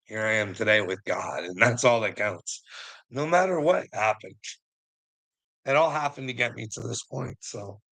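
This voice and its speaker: A man with a gravelly, rough-edged voice tells a rambling personal story, cursing freely and chuckling as he goes. His tone is bright and forceful, with a husky grain. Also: on the low side, normal speed, poor audio. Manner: profane, rambling, laughs often. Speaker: vlogger. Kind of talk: casual storytelling monologue.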